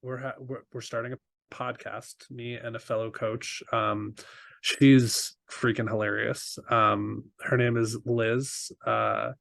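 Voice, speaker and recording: A man's voice: mid-range voice, little pitch movement, slow pace, vocal fry, fairly bright tone, dry recording, clean studio sound. A man, a guest coach on a podcast, talking casually with many fillers and restarts and laughing easily. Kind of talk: casual interview chat.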